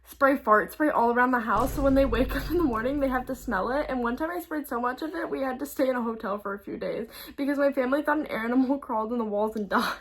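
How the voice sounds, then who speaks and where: A young woman co-hosting a relaxed chat, with a fairly high voice. She is blunt and jokey and swears a lot. A faint noise runs under the recording. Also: quick pace, hardly any pauses. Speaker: co-host. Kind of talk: casual chat.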